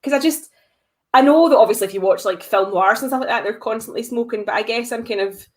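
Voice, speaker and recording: A woman's voice: a little high, fast talker. A woman co-hosting a film podcast, chatting casually and laughing often. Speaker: podcast co-host.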